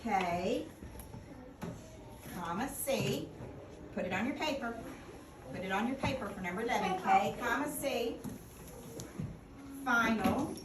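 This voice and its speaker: A woman's voice: on the high side, animated, a little slow, pauses often. A woman teaching a phonics lesson, patiently asking questions and repeating the answers back. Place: classroom. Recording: echoey classroom from a distant mic with noise.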